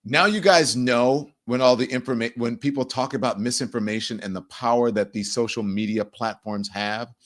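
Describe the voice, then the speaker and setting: A man hosting a talk show, thanking a guest and moving on to the next story. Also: medium pitch. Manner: conversational, then brisk read of an ad. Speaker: host.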